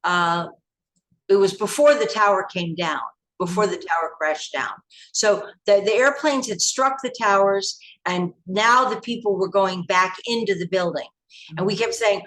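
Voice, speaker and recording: A woman from the United States, an interview guest, telling past events in an animated, emphatic way with many restarts. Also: mid-range voice, unhurried, rough recording.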